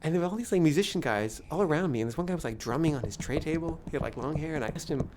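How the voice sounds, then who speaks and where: A man's voice: a little high, lively intonation, racing, a little mellow, slight background noise. A man telling a comic first-person anecdote, often nervous, with stammering restarts.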